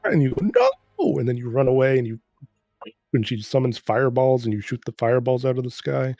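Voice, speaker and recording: A man's voice: mid-range voice, flat delivery, brisk, mellow, dry recording, studio quality. A man casually recapping a game's story in a rambling, profane, sarcastic way. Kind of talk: casual chat.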